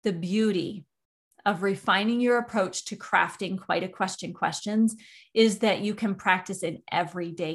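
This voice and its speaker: A woman hosting a coaching podcast, explaining question techniques in a calm, instructional monologue with everyday analogies. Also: on the high side.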